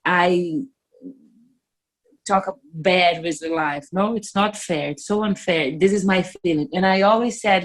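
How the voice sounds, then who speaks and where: Slow and halting, the woman pauses to find English words, as her first language is Portuguese. She's a musician in a casual interview, speaking frankly at a medium pitch.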